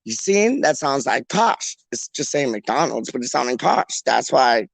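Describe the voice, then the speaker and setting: Young guy hosting a fan stream, rambling and jokey, voice on the high side, dry close mic. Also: big pitch swings, normal speed, gravelly, hardly any pauses, dry recording. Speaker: fan channel host. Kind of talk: casual solo live-stream chat.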